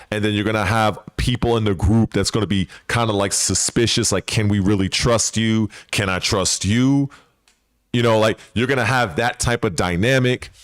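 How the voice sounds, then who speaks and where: Low-voiced man rambling profanely. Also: no echo, clean studio sound. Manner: rambling and profane, with frequent restarts. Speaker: gaming channel host. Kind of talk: casual speculative commentary.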